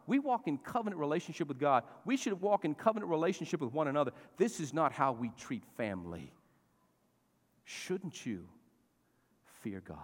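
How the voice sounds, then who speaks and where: A middle-aged man preaching a sermon in a church, exhorting his congregation and calling for responses. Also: fairly high pitch. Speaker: pastor. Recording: long reverb of a church hall.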